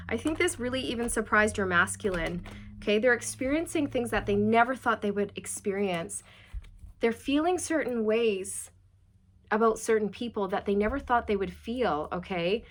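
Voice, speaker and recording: A woman gives a casual tarot reading, talking straight to her audience. She is chatty and warm in tone, often stacking rhetorical questions as she works through the cards. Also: mid-range voice. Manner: chatty, addresses viewers directly, frequent rhetorical questions. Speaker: tarot reader.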